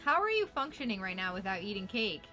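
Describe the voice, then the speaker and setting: A woman's voice: medium pitch, sing-song, quick pace, pushed and bright, faint music behind. Giggly woman chatting on a stream. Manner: giggly, affectionate. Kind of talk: casual live-stream chat.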